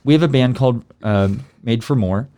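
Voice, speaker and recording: A man hosting a casual chat, talking in a relaxed, halting way with many fillers. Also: mid-range voice, smooth.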